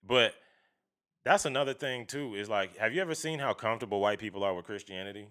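A man with a low voice speaks in a bright, clear tone. He talks casually and bluntly, swearing freely. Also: fast. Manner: blunt, profane, animated storytelling. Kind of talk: casual chat.

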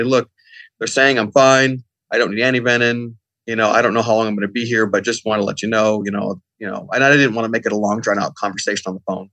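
Fast-talking man telling a story. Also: on the low side, a bit bright, dry recording. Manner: rambling, lots of fillers and quoted dialogue. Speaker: podcast guest. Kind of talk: casual storytelling.

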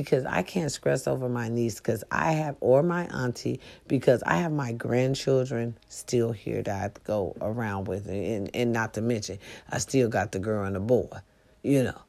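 Middle-aged woman, low voice, gravelly fry, casual live stream, emphatic, preachy, profane. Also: a little mellow.

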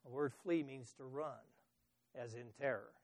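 A man's voice: mid-range voice, moderate pace, dry recording. A middle-aged male preacher giving a sermon, telling stories emphatically with some stumbling restarts.

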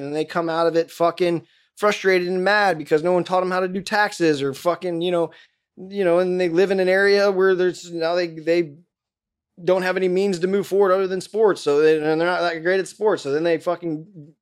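A man's voice: high-pitched, fairly even intonation, fairly quick, smooth. Man ranting heatedly on a podcast. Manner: heated, profane rant with many restarts. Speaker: podcast guest. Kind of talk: casual podcast conversation.

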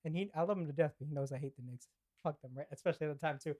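A man's voice: a little high, rapid-fire, a little mellow. A young man co-hosting a podcast, telling a story casually, acting out the quoted lines, laughing and swearing as he goes. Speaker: podcast co-host.

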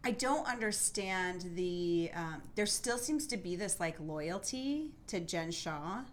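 A woman's voice: fairly low pitch, lively intonation, slow, a little hiss or hum. A woman co-hosting a podcast who mostly listens, answering with short replies and brief opinions. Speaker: podcast co-host. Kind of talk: casual chat.

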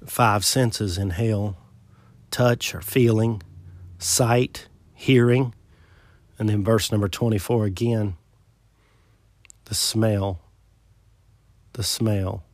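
A man preaching a sermon in an earnest voice, asking rhetorical questions and swelling louder before dropping low. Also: fairly even intonation, takes it slowly, pauses often, dry recording.

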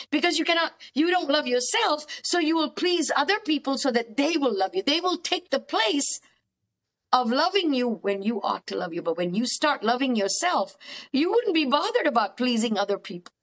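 A woman's voice: high-pitched, big pitch swings, moderate pace. A middle-aged woman therapist giving emphatic, preachy faith-based counselling advice as a podcast guest.

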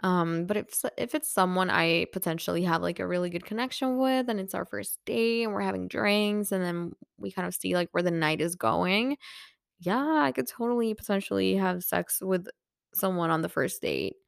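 A woman's voice: on the low side, moderate pace, gravelly, no room sound, clean studio sound. A woman in her twenties hosting a podcast in casual, candid chat. She has an American-leaning English accent and laughs often between thoughts. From Nordic Europe. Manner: candid, chatty, laughs often, many fillers. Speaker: podcast host.

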